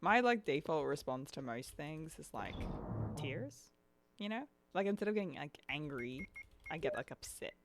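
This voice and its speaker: A woman's voice: deep voice, very animated, moderate pace, noisy background. A young woman streaming a game and chatting casually, laughing often and dropping lots of "like" and "dude". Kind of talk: casual chat while gaming.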